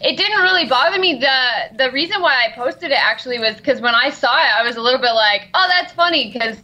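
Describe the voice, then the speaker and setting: A woman's voice: high voice, animated, fairly quick, pushed and bright. A woman guest answering interview questions in an easygoing way, with many fillers, over a remote call. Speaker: guest fighter. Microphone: remote call line. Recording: dull call-line audio.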